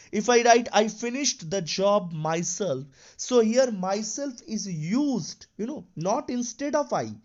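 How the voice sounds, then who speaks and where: A man's voice: sits high, darkish tone, dull audio. A man teaching an English grammar lesson, explaining patiently and repeating his examples with lots of "you know" and "okay".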